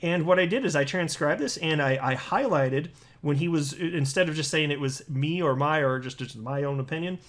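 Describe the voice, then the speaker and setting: A man's voice: on the high side, moderate pace, few pauses. A man hosting a crypto commentary talk, speaking bluntly and scornfully with frequent restarts. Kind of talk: casual commentary monologue.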